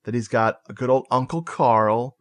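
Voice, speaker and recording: A man on a podcast casually recapping a movie plot, animated and joking, with swearing and laughing asides. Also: mid-range voice, moderate pace. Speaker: podcast co-host.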